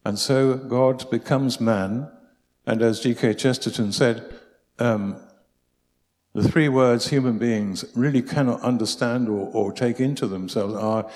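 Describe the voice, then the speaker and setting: A man giving a preaching talk, telling stories in an animated, humorous way. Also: medium pitch, unhurried. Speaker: speaker. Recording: long hall reverb.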